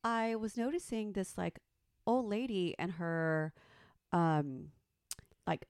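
A woman in her thirties telling a story in casual chat, animated and profane, acting out the quotes. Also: on the low side, takes it slowly, clear, resonant tone, no room sound, clean studio sound. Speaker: podcast co-host.

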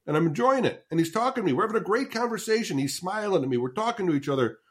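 A man in his sixties, a marketing consultant telling a story as a podcast guest, animated, often stumbling and repeating words, swearing casually. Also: high-pitched, very fast, husky.

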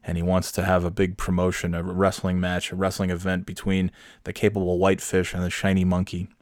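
A man telling a comic story recap in a rambling, hesitant, deadpan way. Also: low-pitched, brisk, no room sound, clean studio sound.

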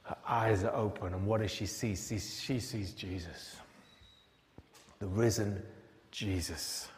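Slow-spoken pastor in a reverberant church. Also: male voice, fairly low pitch, fairly even intonation. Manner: dramatic Bible retelling with many rhetorical questions. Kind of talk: sermon. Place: large church.

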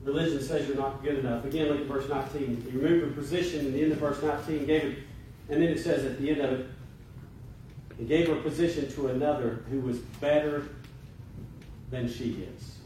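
A man's voice: mid-range voice, fairly even intonation, brisk, warm tone, a little hiss or hum. A man preaching a sermon to his church, speaking with building, impassioned emphasis. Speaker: pastor. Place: church sanctuary. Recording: very echoey room, voice from a distance.

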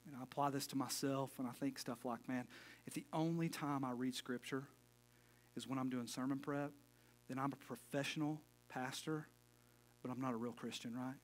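A man's voice: medium pitch, steady tone, moderate pace. A middle-aged man preaching a casual sermon as pastor, folksy and full of joking asides.

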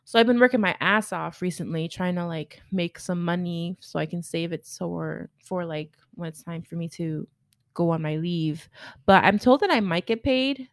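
A young woman co-hosting a podcast, chatting casually and telling stories with lively quoted voices. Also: on the low side, moderate pace, no echo, studio quality. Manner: animated storyteller, acts out quoted voices. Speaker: podcast co-host. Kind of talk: casual chat.

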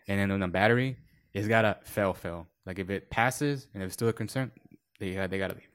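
A man's voice: low voice, steady tone, brisk. A man telling long work stories in casual chat, rambling with many fillers and acting out quoted voices. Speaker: podcast guest.

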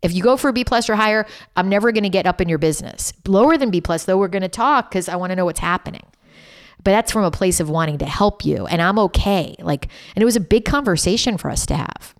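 A middle-aged woman appears as a podcast guest in a casual interview chat, speaking quickly in a medium-pitched voice. She's an animated storyteller who acts out conversations and dialogue as she goes.

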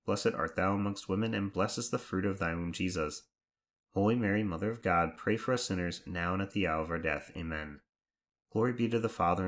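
A man leading devotional prayers and reflections in a measured, reverent recitation. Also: low-pitched. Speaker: prayer leader.

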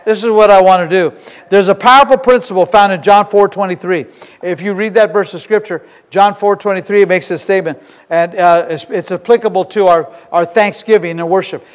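A man's voice: high voice, brisk. A male pastor preaching a sermon in a church, fervent and emphatic, often repeating and restarting his phrases. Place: church sanctuary. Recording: long reverb of a large hall.

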